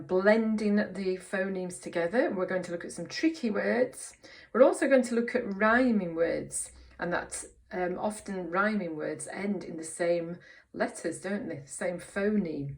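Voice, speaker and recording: A woman teaching a reading lesson to young children in an encouraging way, often asking tag questions. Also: mid-range voice. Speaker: primary school teacher.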